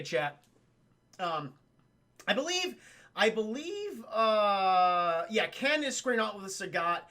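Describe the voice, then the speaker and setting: A man recapping a film on a live stream, excitable and profane, often laughing. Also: high voice.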